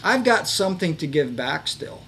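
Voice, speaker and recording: A man's voice: a little high, big pitch swings, normal speed, fairly bright tone, husky. A man in his fifties, a guest telling stories in a rambling casual way, full of fillers and restarts. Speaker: podcast guest, veterans advocate. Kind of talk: casual conversational storytelling.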